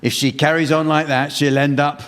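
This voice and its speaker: Deadpan male panel show host. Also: on the high side, normal speed. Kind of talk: scripted comedy panel show hosting. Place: theatre stage before a live audience. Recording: reverberant hall, loud noise.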